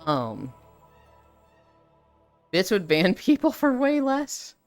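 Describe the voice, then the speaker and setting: Brief: woman streamer, animated and profane storytelling, expressive pitch, soft music behind. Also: takes it slowly. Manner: animated, profane anecdote-telling. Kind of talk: casual storytelling on a live stream.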